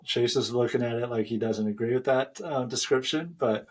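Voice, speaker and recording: A man's voice: mid-range voice, moderate pace, husky. Chatty man telling a running story. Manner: chatty storyteller, laughs often. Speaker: running podcast host. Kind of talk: casual chat.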